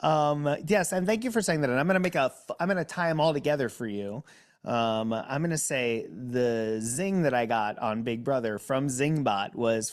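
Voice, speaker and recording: Exuberant, theatrical man from New Jersey. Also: moderate pace. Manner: exuberant, theatrical, with big upward pitch swings. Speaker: podcast guest. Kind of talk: casual interview chat.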